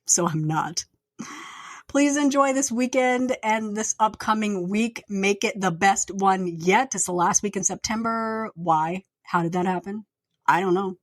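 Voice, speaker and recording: A woman's voice: mid-range voice, moderate pace, no room sound, clean studio sound. A woman hosting her own podcast, talking casually and candidly, rambling and venting with plenty of fillers. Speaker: podcast host and author. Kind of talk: casual solo podcast rant. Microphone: plugged-in podcast microphone.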